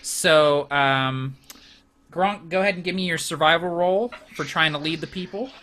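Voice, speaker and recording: A man's voice: fairly high pitch, moderate pace, heavy background noise. A man narrating a tabletop game as game master, loose and full of fillers.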